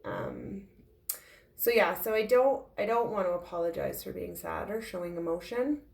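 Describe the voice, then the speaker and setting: Emotional woman, low gravelly voice, heartfelt and halting confessional vlog, echoey room sound. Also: expressive, darkish tone. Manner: heartfelt, halting, with frequent fillers. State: tearful, emotional. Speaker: intuitive medium sharing her grief.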